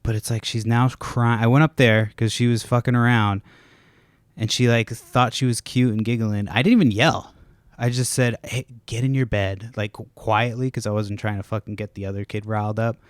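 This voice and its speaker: Guy rambling on his home podcast, kinda low voice, dry close mic, swears a lot, keeps restarting sentences. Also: little pitch movement, normal speed, clean tone, no echo. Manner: rambling, swears often, self-interrupting with restarts. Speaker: podcast host. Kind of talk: casual solo podcast rambling. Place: home, kids nearby.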